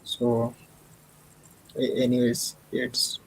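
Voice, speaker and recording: A man's voice: mid-range voice, sing-song, very slow, vocal fry, husky, rough recording. A man from India, co-hosting a casual livestream chat, often hesitating and restarting his sentences. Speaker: co-host.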